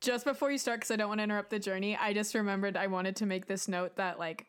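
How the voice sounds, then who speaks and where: A woman's voice: medium pitch, steady tone, fast talker, clean tone. A woman co-hosting a music podcast, talking in a rambling, giggly way. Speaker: podcast co-host. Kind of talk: casual chat about music.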